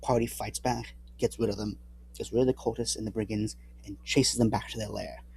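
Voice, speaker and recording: A man's voice: fairly low pitch, steady tone, a little fast, creaky, darkish tone, a little hiss or hum. A man casually recapping his tabletop game campaign, rambling and often correcting himself mid-sentence. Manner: rambling with frequent restarts and self-corrections. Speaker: tabletop game player and channel host.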